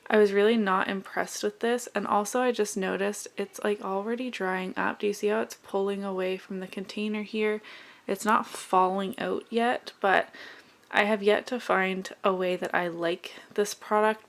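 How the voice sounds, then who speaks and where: A woman's voice: mid-range voice, level tone, normal speed, vocal fry. A young woman vlogger chatting casually as she goes through her makeup, rambling and friendly. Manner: chatty, rambling product commentary. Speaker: beauty vlogger. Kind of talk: casual makeup declutter chat.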